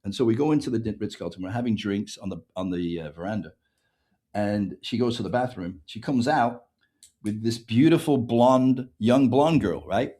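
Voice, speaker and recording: A man's voice: fairly low pitch, moderate pace. A man from England with an English accent, telling a story as a podcast guest and acting out the dialogue. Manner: animated storyteller, acts out quoted dialogue. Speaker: author guest.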